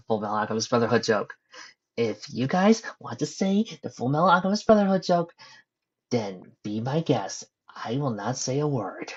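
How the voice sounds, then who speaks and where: A man's voice: medium pitch, sing-song, normal speed, husky, dull audio. A man reading a fan story aloud as narrator, breaking off for wry, sarcastic joking asides. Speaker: narrator and fanfic reader.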